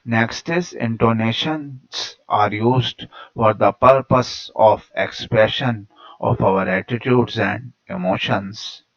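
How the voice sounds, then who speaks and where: Guy reading out a lesson like a teacher, mid pitch, kinda muffled lo-fi audio. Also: slow, creaky. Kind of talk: read-aloud lecture narration. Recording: dull lo-fi recording.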